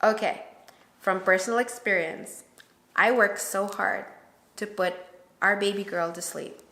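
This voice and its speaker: Animated new mom in a roomy space. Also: female voice, medium pitch, measured pace. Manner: animated storyteller who acts out quoted dialogue. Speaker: new mother vlogging with her husband. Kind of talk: casual chat to camera. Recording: roomy echo.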